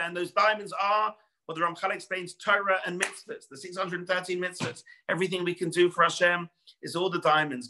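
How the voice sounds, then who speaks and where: A man, a rabbi, teaching a class and telling a parable, animated and exhorting. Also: on the high side. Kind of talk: storytelling Torah class.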